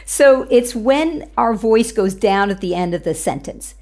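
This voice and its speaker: A woman's voice: a little high, animated, unhurried, a little mellow. A woman communication coach, a guest on a show, explaining tips confidently and laughing easily. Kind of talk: interview guest.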